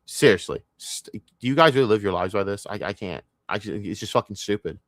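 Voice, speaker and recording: A man's voice: lowish voice, expressive, brisk, no echo, studio quality. A man streaming his reaction to a video, scornful and swearing heavily as he rants. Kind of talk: profane ranting commentary.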